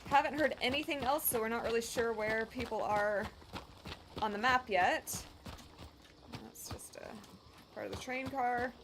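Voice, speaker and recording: A woman's voice: a little high, measured pace, long pauses, noisy background. A woman streaming a shooter game, chatting casually, laughing often and swearing freely. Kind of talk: casual gameplay commentary. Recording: loud game sounds behind.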